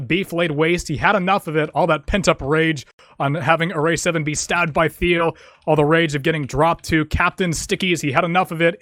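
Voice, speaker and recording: A man giving steady, analytical color commentary as an esports caster, leaning on fillers. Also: fairly high pitch, no echo, studio quality. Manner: steady explaining, many fillers like kinda.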